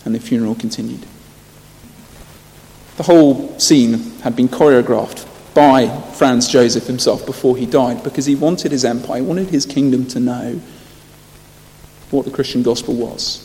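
A man preaching a sermon, telling stories earnestly and rising to loud emphasis. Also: mid-range voice, moderate pace. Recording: long hall reverb.

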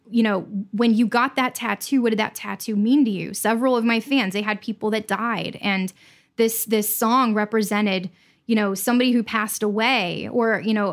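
A woman speaking as a podcast guest, earnest and intense, often rushing her words in bursts. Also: mid-range voice. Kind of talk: candid podcast conversation.

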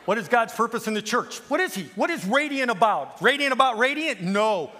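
Man preaching hard, super high voice, lots of "why?" questions and scripture quotes. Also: animated, brisk. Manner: fiery, rhetorical questions, quoting scripture, swings from shouting to hushed. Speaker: guest preacher. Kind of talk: sermon.

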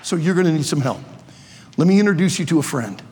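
Sixties male preacher, high husky voice, playful and shouty, long hall reverb. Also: fast talker, background noise. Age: 60s. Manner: playful, joking, bursts into shouts. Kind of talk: energetic youth sermon.

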